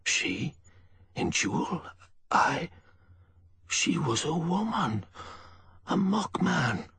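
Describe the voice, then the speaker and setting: Man voicing a dazed young duelist, high strained voice, husky, dry audiobook sound. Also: big pitch swings, drawn-out words, fairly bright tone, heavily acted. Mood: baffled. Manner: dazed, numb and baffled. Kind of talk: audiobook character voice.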